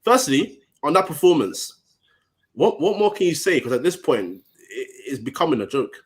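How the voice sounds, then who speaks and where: A man's voice: fairly high pitch, animated, moderate pace. A man from Ghana co-hosting a casual football podcast, leading the talk with questions. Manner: leads the discussion with questions. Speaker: podcast co-host.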